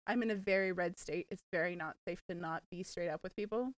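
A woman's voice: lowish voice, fast talker, no room sound. A young woman co-hosting a podcast, chatting casually in a blunt, joking way and laughing often. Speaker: podcast co-host. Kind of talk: casual chat.

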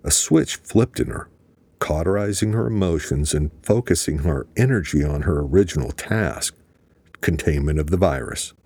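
Male narrator, low and husky, measured delivery, dry studio sound. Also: animated, darkish tone, no echo. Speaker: audiobook narrator. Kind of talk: scripted narration.

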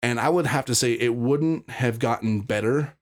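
A man's voice: mid-range voice, moderate pace. A man from Utah, a podcast guest, telling his story in casual, blunt talk full of profanity and restarts.

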